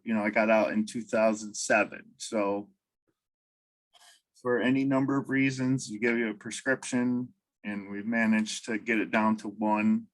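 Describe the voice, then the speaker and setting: A man, a veteran speaking at a roundtable in a halting way full of fillers. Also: lowish voice, poor audio. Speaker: veteran, council member. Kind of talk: casual roundtable chat.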